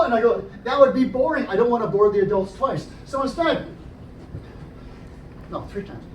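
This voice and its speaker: A man with a very high voice talks briskly through a juggling act for library patrons, joking as he explains each trick step by step. The stage patter was filmed indoors in the program room from within the audience, giving roomy, distant, noisy audio.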